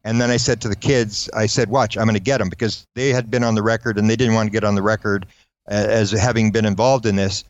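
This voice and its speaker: Fast-talking man telling a story. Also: fairly low pitch, no room sound, muffled recording. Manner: fast, animated storyteller who acts out quoted voices. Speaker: guest recounting UFO encounters. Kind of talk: anecdotal storytelling.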